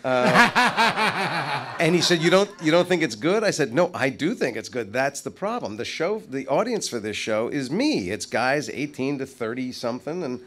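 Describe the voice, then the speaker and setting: A man's voice: medium pitch, normal speed, a little hiss or hum. A man, a guest actor, recounting stories on a live stage and acting out the people he quotes. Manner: expressive, acts out quoted voices. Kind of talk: live stage interview, anecdotes. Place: live stage before an audience.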